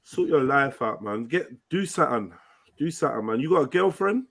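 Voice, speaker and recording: A man's voice: medium pitch, expressive, brisk, gravelly, fairly bright tone, husky. A man in casual chat, pressing someone hard with confrontational questions.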